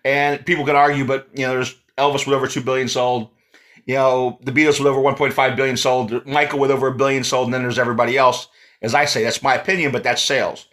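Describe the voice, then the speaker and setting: A man's voice: medium pitch, little pitch movement, quick pace, fairly bright tone. A man hosting a casual interview, eager and chatty, laughing often as he shares his own view. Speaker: interview host.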